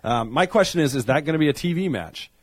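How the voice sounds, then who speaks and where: A man co-hosting a wrestling podcast in casual chat, animated, laughing often and acting out quotes. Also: on the high side, quick pace, no room sound, clean studio sound. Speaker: podcast co-host.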